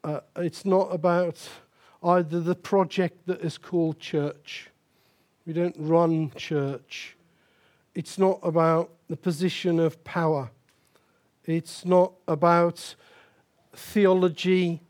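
A man's voice: on the high side, steady tone, takes it slowly, a little mellow. An older man preaching a sermon as pastor, emphatic and repeating key phrases for stress.

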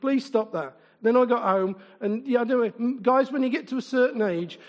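A middle-aged preacher with a very high voice that rings out in a long echo through a large hall. His sermon is chatty and informal. He keeps turning to the congregation with questions and drops in funny stories about himself. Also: brisk. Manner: informal and chatty, asks the congregation repeated questions, tells humorous anecdotes. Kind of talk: conversational sermon.

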